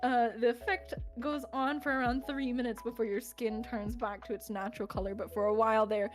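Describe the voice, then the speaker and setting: A woman's voice: a little high, steady tone, fairly quick. A woman running a tabletop fantasy game as game master, describing scenes at length with frequent "um"s and light laughs. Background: faint background music.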